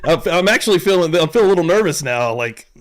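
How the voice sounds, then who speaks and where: Excitable male livestream host. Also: fairly high pitch, quick pace. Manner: animated, excitable, swears casually. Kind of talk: casual livestream chat.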